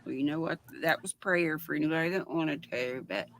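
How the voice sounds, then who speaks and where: Gravelly older woman, blunt talker. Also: sits low, a little fast. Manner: plain-spoken, blunt, tells personal stories. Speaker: guest on a live stream, retired school worker. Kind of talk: casual storytelling chat.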